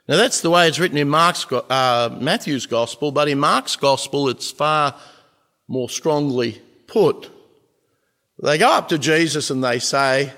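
A man preaching a sermon as a pastor, earnest, with emphatic pauses and swells in volume. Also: on the high side, a bit bright. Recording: long reverb of a large hall.

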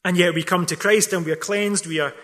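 High, bright-voiced man preaching a sermon. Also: fairly even intonation, fairly quick. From not from England. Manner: emphatic, rhetorical questions, wry asides. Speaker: pastor.

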